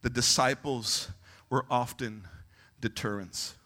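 A man pastor preaching an impassioned sermon at a church service and shouting to the congregation for a response. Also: medium pitch, steady tone, takes it slowly.

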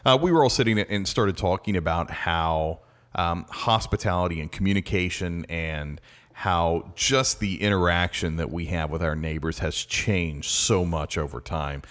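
A man with a very low voice co-hosting a casual podcast. He talks in an easygoing, rambling way, full of ums and restarts. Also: normal speed, fairly bright tone. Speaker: podcast co-host. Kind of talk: casual chat.

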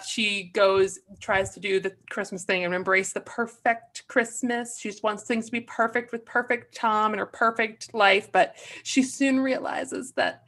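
A young woman recapping a movie in casual chat, animated and playful, breaking into silly voices for the characters. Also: medium pitch. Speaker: podcast co-host.

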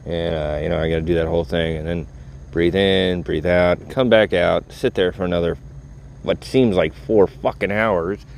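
A man's voice: low-pitched, steady tone, normal speed, creaky, a little mellow, slight background noise. A man casually telling a story to the camera in a profane, joking way, chuckling often.

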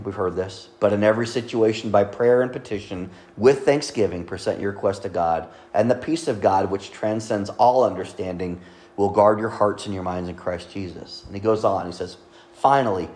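A man's voice: lowish voice, darkish tone. A middle-aged man, a pastor, preaching a sermon in a conversational way, reading scripture and joking with the congregation.

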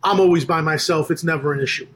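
A man's voice: fairly high pitch, fast talker, a little hiss or hum. A man, a business funder, telling a story in a casual podcast interview, rambling with restarts and acting out quoted conversations. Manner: animated storyteller who acts out quoted conversations.

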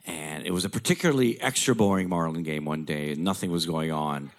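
A man's voice: low-pitched, brisk. A middle-aged man telling a crude, profane story as a stand-up comedian.

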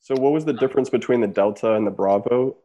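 A man's voice: mid-range voice, fast talker, warm tone. A male interviewer asking brief, direct follow-up questions. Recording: dull, lo-fi mic.

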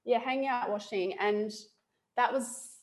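Animated Australian woman telling her story. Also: fairly high pitch, unhurried. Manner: animated, laughs often, acts out her own past thoughts. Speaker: interview guest. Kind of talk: casual storytelling interview.

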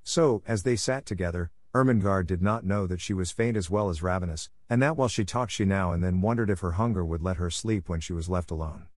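A man reading a classic novel aloud in steady, measured audiobook narration. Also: low voice, no room sound.

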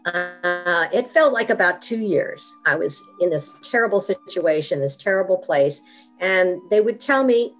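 A woman's voice: on the low side, lively intonation, moderate pace, a bit bright, soft background music. A middle-aged woman telling her own story as an interview guest, with earnest, vivid storytelling.

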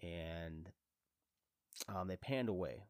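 A man vlogs about a TV series, chatting casually to camera as an enthusiastic, rambling fan with many fillers and restarts. His voice sits low and is slow with a darkish tone. The sound is clean studio audio with no echo.

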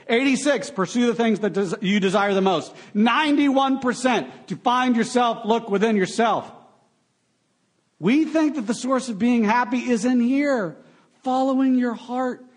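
A young man preaching a sermon with an animated, swinging delivery that rises and falls. His voice sits a little high for a man, and he slips in sarcastic asides. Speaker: pastor.

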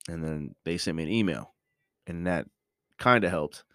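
Deep-voiced man musing haltingly. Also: animated, fairly bright tone, no echo, studio quality. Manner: halting, many restarts and ums, reflective. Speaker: podcast host. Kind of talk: casual reflective monologue.

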